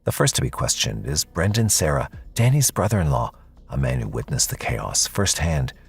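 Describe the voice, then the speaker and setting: A man's voice: very deep voice, very animated, normal speed, creaky, slightly rough, dry recording. A man giving dramatic, suspense-building scripted narration for a true crime documentary.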